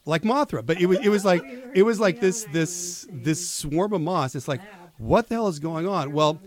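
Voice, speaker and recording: Speaking into a studio microphone, a fifties-aged college radio host chats casually on air, rambling loosely through stories and restarting often. His voice is a little high and his pace moderate.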